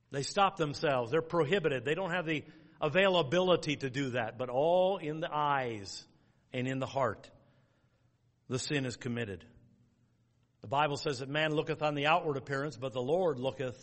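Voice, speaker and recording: A man's voice: on the high side, normal speed, pauses often, fairly bright tone, in a large hall. A man preaching a sermon in a folksy, plain-spoken way, working through numbered points and quoting scripture. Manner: folksy, outline-driven preaching with quoted scripture. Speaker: pastor.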